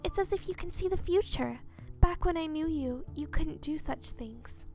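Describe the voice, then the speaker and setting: A frightened young heroine from a romance game speaks high and breathless, as a woman reads her lines. She is earnest and anxious throughout. Gentle music plays under the voice. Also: normal speed, gravelly. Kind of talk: reading a game heroine aloud.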